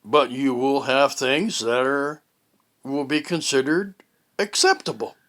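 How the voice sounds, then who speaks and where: A man telling a casual, rambling story at home, halting often with fillers and restarts. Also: mid-range voice, a bit bright. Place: at home, indoors.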